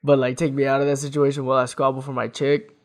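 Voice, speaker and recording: Gravelly, blunt podcast guy. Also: mid-range voice, level tone, fast. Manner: laid-back, blunt, lots of "like" fillers. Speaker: podcast co-host. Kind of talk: casual chat.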